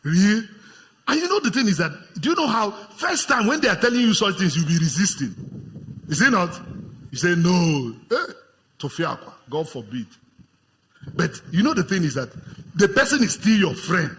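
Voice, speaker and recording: A Nigerian man preaching a lively sermon to his congregation as pastor, acting out the voices of tempters in his stories. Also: high voice, a little fast, slight background noise. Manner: animated, acts out voices of tempters, laughs with congregation. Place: church hall with congregation. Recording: long hall reverb.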